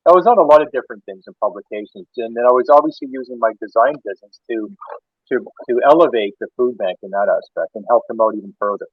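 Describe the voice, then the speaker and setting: A man's voice: medium pitch, quick pace, breathy edge, dry recording. A Canadian man, an interior designer, telling rambling anecdotes in a casual interview, with many restarts. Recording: tinny phone-like line, dry.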